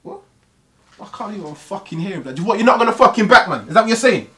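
An actor with a London accent playing a hot-headed young gangster who swears and pushes hard. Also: male voice, high-pitched, expressive, fast talker, a bit bright. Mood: pressing. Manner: aggressive, swearing, pushy. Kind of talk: gritty film acting.

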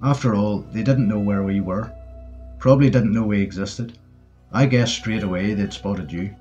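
A man's voice: fairly low pitch, moderate pace, darkish tone, muffled recording, soft background music, close to an everyday voice. A man voicing an eager, admiring young British soldier while reading a war story.

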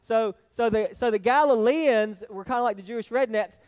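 A man's voice: very high voice, normal speed, darkish tone, long reverb tail. A male pastor with a Southern US accent preaching a folksy sermon, often restarting phrases and asking "all right?". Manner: folksy, many restarts and tag questions. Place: church sanctuary.

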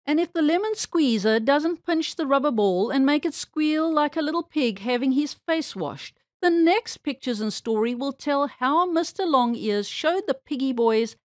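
Lively woman reading a children's story. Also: high voice, moderate pace, few pauses, dry recording, studio quality. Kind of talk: children's read-aloud narration.

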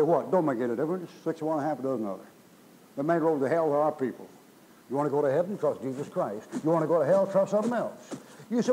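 A man's voice: on the high side, darkish tone, slight background noise, low-quality recording. A middle-aged man preaching a sermon in a folksy, emphatic way, his voice rising in bursts. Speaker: pastor.

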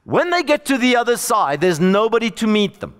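A man's voice: sits high, big pitch swings, a little fast, a bit bright, clear, resonant tone. A man preaching a sermon as a storyteller, acting out the voices of the people in the story. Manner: storytelling preacher, acts out voices of the disciples and Jesus. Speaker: pastor. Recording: long hall reverb.

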